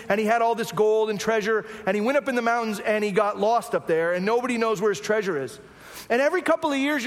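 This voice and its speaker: Male pastor, sermon delivery: high-pitched, animated, playful, with long hall reverb. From Arizona. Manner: animated, humorous, full of rhetorical questions.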